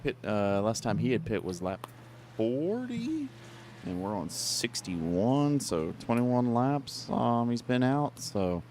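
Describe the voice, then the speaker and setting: A man's voice: mid-range voice, big pitch swings, takes it slowly, a little mellow, a little hiss or hum. A man giving color commentary on an online racing broadcast, casual and hesitant with lots of fillers. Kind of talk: live sim racing commentary.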